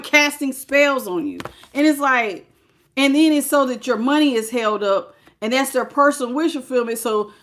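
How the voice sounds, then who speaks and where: Woman reading tarot live, pretty high voice, gets emotional. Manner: emotional, expressive, greets live chat. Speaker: tarot reader.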